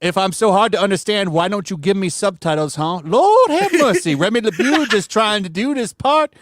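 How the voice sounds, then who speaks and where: A man's voice: high-pitched, animated, normal speed, pitched above the performer's own voice. Gambit, put on by a man, sassy drawl. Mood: sassy, indignant. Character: sassy Cajun male superhero defending his lines.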